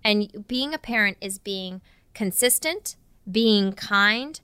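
A woman co-hosting a casual parenting podcast, speaking with a smooth, clear tone at a middle pitch. She tells stories and makes her points one by one with lively energy, and the recording is close and dry. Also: takes it slowly, no echo. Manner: lively, storytelling, lists points. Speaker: podcast co-host.

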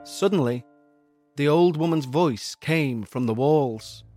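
A man tells a ghost story in a slightly high voice, with measured, suspenseful pacing. Quiet music plays softly beneath his narration. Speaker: podcast narrator. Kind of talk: scripted horror storytelling.

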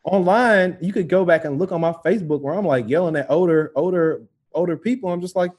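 High-pitched guy comic on a podcast, swears a ton, rambling animated stories. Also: brisk. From Chicago area. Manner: profane, animated storyteller. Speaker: stand-up comedian. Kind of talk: casual podcast chat.

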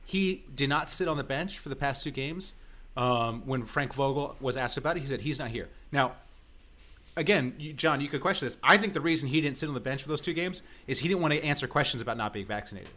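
A man's voice: mid-range voice, lively intonation, brisk, sharp tone. A man co-hosting a basketball podcast, giving firm opinions in casual chat and laughing often. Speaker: podcast co-host.

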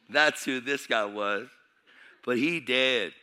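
Male preacher, middle-aged, bright forceful tone, fired-up sermon delivery. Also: mid-range voice, slow pace, smooth. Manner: excitable, preaches with rising intensity.

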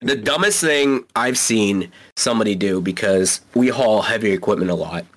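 A man's voice: on the low side, moderate pace, a bit bright. Rambling, foul-mouthed man telling stories. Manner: rambling storyteller, heavy swearing, lots of "like". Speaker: podcast co-host. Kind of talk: casual profane chat.

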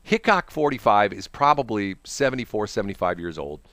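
A man chats on a radio show, his voice swinging widely in pitch as he tells stories. He slips into impressions as he goes. The sound is close and dry. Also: brisk, dry recording. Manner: animated storyteller, mimics voices. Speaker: radio host. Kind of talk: casual radio chat.

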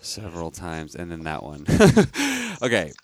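A man in his thirties co-hosts a podcast, his low voice moving at a measured pace over a loud crowd. In a casual chat he spins a long story, restarting often, laughing, and breaking into shouts as an animated storyteller.

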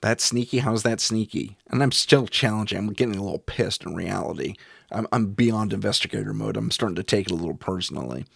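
A man's voice: fairly low pitch, quick pace, creaky, a bit bright, husky, no echo, studio quality. A middle-aged man, a paranormal investigator, recounting a ghost investigation in a wry, chuckling way.

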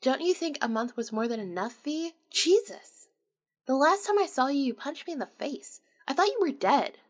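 A woman's voice: a little high, fast talker. A woman voicing a frank, outspoken man who swears when worked up, in a ghost story. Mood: urgent. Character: blunt loud man, brother-in-law, caring.

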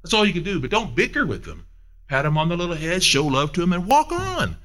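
A man preaching a sermon, emphatic, asking the listeners questions and swinging between loud and hushed. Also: fairly high pitch, animated, quick pace. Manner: asks the audience questions.

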